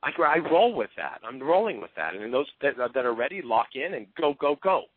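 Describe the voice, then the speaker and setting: A man's voice: mid-range voice, sing-song, fairly quick, slightly rough, no room sound. A man giving an earnest, openly emotional motivational talk as a team coach. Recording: tinny phone-line sound.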